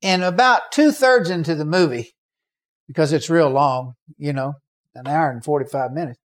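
A man preaching a sermon, telling a story with animated acted-out voices and shouts. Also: fairly high pitch, moderate pace.

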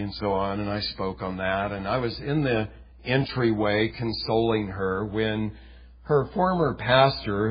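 A man's voice: fairly low pitch, husky. A man preaching a sermon as pastor, talking earnestly and conversationally. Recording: dull lo-fi recording.

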